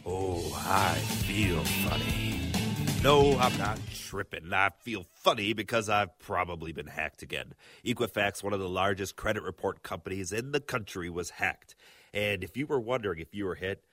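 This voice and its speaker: A man delivering a comedic news segment in a theatrical, gruff mock-tough manner, like a pirate. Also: low voice, expressive, moderate pace, a bit bright, no room sound, soft background music. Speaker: tech news segment contributor.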